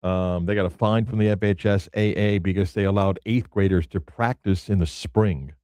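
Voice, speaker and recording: A man hosting a sports talk radio show in a relaxed, conversational way, filling pauses with "uh" and "um." His voice sits low and mellow. The studio sound is close and dry. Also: no echo. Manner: loose and conversational, many fillers.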